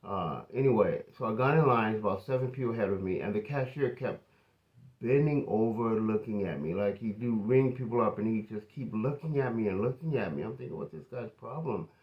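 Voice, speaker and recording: A pastor telling a personal testimony in an earnest, conversational way. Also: male voice, lowish voice, expressive, a little fast, darkish tone.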